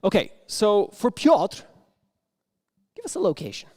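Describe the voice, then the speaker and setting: Before an audience on a conference stage, an improv performer and speaker tells an improvised comic story, acting out the dialogue and slipping into sudden whispers. His mellow voice sits high, swooping wildly in pitch at an unhurried pace.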